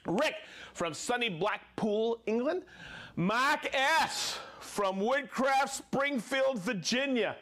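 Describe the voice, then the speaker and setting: A man hosting a live product show, chatting energetically, joking and laughing often as he reads out viewer shout-outs. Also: very high voice, expressive, slow pace. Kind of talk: lively live-stream chat reading viewer shout-outs.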